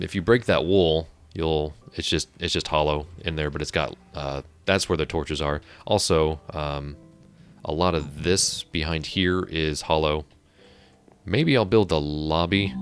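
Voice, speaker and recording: A man's voice: a bass voice, clear, resonant tone. A man casually commenting on his own gameplay as a let's play host, rambling and chatty, often breaking off mid-sentence. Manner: rambling, chatty, self-interrupting.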